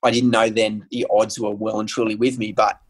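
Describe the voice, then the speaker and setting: A man's voice: fairly low pitch, little pitch movement, brisk, husky, rough recording. A man, a guest telling a personal story in casual conversation, earnest and candid, with frequent ums and restarts. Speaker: guest sharing his story.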